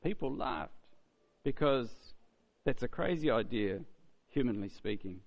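A man preaching a sermon at a middle pitch. He talks to the congregation in a conversational way, often asking "isn't it?" and doubling back on his words. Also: animated, unhurried, muffled recording.

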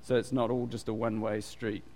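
Speaking a little fast in a fairly low, level, slightly mellow voice, a man preaches as pastor in a church. His sermon is chatty and conversational, full of questions to the congregation that he pauses to let them answer. The recording has a long, hall-like reverb.

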